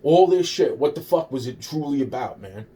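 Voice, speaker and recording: In his vlog, a man rambles through a personal story, cursing heavily, repeating himself, restarting often and acting out quoted dialogue. His mid-range voice is warm and expressive at a normal speed, with a little hiss or hum underneath.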